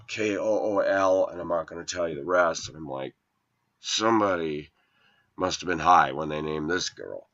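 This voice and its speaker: A low-voiced man rambles through a grievance-filled personal story. His tone turns aggrieved and complaining as he retells old slights. The recording sounds dull and lo-fi. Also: normal speed, a bit bright. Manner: aggrieved, complaining, voice rising when quoting arguments. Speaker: vlogger telling a personal story. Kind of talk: rambling first-person monologue.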